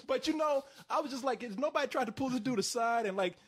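A man with a high, husky voice chats about a movie with friends and keeps breaking into laughter. His pitch jumps around as he tries out silly voices. The talk is loose and joking. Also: animated, quick pace, fairly bright tone. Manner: laughs often, trying out goofy voices. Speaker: film reviewer. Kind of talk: casual comedic chat.

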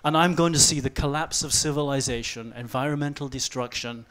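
A man in his forties giving a fast-paced, humorous talk on stage, swinging from quiet asides to loud outbursts. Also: medium pitch, smooth. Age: 40s. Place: event stage before a live audience.

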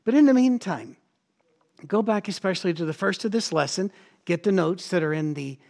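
Animated middle-aged preacher, higher voice. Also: male voice, a little fast, vocal fry. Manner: animated storytelling preacher, acting out quoted voices. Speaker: pastor. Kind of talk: sermon.

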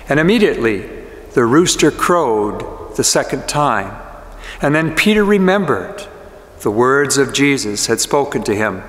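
A man's voice: mid-range voice, animated, a little slow, fairly bright tone. A man, a pastor, reading scripture and preaching, giving the quoted speakers their own voices. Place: church sanctuary. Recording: echoey church with long reverb.

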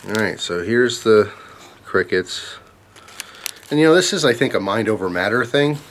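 A man's voice: lowish voice, expressive, normal speed, fairly bright tone, slight background noise. A young man vlogging at home, chatting wryly as he tastes bugs and talks to his dog. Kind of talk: casual vlog, tasting food on camera. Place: indoors at home, camera on tripod.

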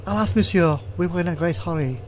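An eager French valet pleads and frets, as a man puts him on. His voice rides a few steps above the reader's usual pitch, earnest and pleading. It fits a storybook-style travel game. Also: fast talker, a little mellow, slight background noise, lightly acted.

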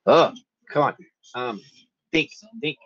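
A man playing a tabletop game, talking in a lively, playful way. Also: medium pitch, takes it slowly, no room sound, lo-fi sound. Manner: lively, playful in-character lines. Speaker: player. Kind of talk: casual tabletop play.

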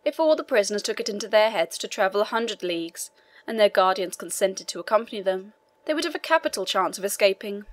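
A sarcastic prison governor read by a woman narrator in an audiobook. He speaks at a middle pitch and mocks everything dryly. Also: animated, quick pace, natural voice. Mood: sardonic. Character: sardonic male prison governor.

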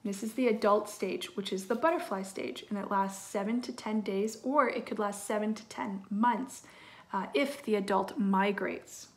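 A woman reading a picture book aloud to children, pausing to explain in gentle, hushed asides. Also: medium pitch, steady tone.

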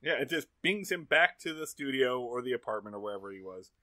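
A man co-hosting a comedy podcast, recapping an episode in casual chat and bursting into loud, shouty impressions. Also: medium pitch, expressive, brisk, no room sound, studio quality. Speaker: podcast co-host.

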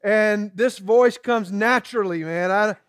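A man with a thick Southern Georgia accent preaches as a guest in a folksy, halting style full of fillers. His voice sits unusually high. The sound is dry and close. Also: fairly bright tone, smooth, dry recording. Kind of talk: sermon.

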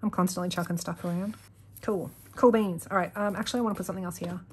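A woman's voice: lowish voice, fairly even intonation, rapid-fire, husky. A young woman chatting casually to viewers while setting up her planner, rambling and correcting herself as she goes. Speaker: planner vlogger.

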